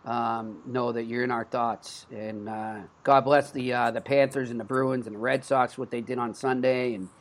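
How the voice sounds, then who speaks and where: A man's voice: mid-range voice, steady tone, moderate pace, hardly any pauses, a little hiss or hum. A man in his thirties with a Boston accent, hosting a sports podcast and telling stories in an earnest, conversational way. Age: 30s. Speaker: podcast host.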